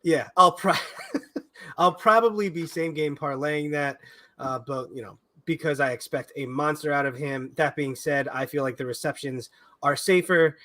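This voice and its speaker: Higher-voiced joking man. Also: normal speed, pushed and bright. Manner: joking and laughing, with loose swearing. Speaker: podcast co-host, sports betting picks. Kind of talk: casual sports betting chat.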